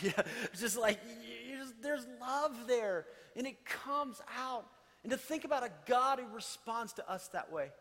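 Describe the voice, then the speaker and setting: A man in his thirties, a pastor giving a sermon, swinging from loud, rising passages to hushed, soft ones. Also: sits high. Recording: long reverb of a large hall.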